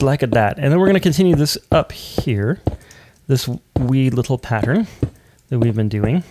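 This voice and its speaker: A man's voice: medium pitch, expressive, normal speed, noisy background. A man hosting a building tutorial, talking casually and thinking aloud as he places blocks, often humming or counting under his breath. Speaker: Minecraft building channel host.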